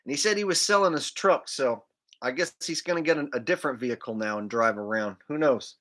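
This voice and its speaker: A man's voice: medium pitch, a little fast, a bit bright. A man hosting a casual livestream, rambling loosely and dropping "man" and "like" as he talks. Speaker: livestream host.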